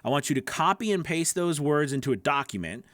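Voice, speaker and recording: A man's voice: on the high side, expressive, brisk, fairly bright tone, no echo, clean studio sound. Chatty voice acting coach, man. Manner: conversational, lots of fillers and asides. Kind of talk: casual teaching monologue.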